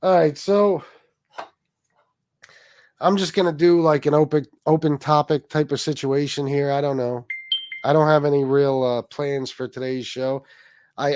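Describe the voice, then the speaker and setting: A man's voice: a little high, a little mellow, clean tone, no echo. A man hosting a casual livestream, rambling, swearing freely and reacting to chat comments. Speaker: livestream host.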